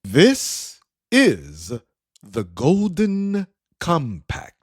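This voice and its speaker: A man voicing a suave, condescending blue alien gentleman thief who speaks theatrically. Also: fairly high pitch, huge pitch swings, extremely slow, slightly rough, no room sound, clean studio sound, voice pushed up, heavily acted. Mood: haughty. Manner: theatrical, condescending, says "my dear".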